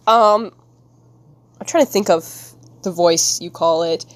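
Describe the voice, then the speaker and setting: In a dry recording, a woman with a lowish voice takes her time as she chats with viewers during a drawing live stream. She giggles and rambles in a silly, casual way.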